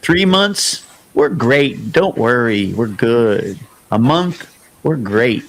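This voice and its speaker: A man hosting a music podcast tells a story with lots of energy. He drops into the voices of the people he quotes, and his pitch stays mid-range. The delivery is relaxed and conversational. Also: takes it slowly. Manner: animated storyteller, acts out quoted dialogue. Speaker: podcast host and singer. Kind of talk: casual storytelling interview.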